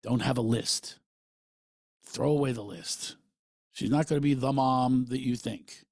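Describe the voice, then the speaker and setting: Gravelly middle-aged man telling his story. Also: mid-range voice, measured pace, no room sound, studio quality. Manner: animated, quotes people in lively voices. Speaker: podcast host. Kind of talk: personal storytelling monologue.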